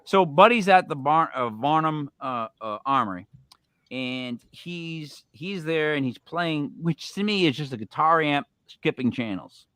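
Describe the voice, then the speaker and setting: A man hosting a casual paranormal talk show, joking and telling stories with animated delivery. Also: a little high, a little slow, smooth, no echo. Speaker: podcast host. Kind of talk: casual chat.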